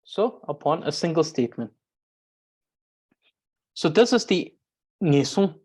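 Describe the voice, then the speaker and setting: A woman with a fairly low voice lectures on grammar in an unhurried, careful way. She circles back to restate each point and pauses with small fillers as she thinks. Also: animated, a little mellow, husky. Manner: careful, repeats and rephrases points, frequent "uh". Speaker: Tibetan grammar teacher.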